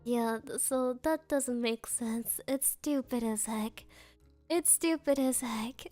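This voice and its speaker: A woman's voice: a little high, slow, dark tone, no echo, faint music behind. A woman streamer in casual chat, rambling through sarcastic rants and laughing often.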